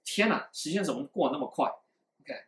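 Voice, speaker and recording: Echoey, higher-voiced male teacher. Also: expressive, a little fast, a bit bright. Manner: repeats points and quizzes viewers. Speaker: English speaking teacher. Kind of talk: live-stream lesson.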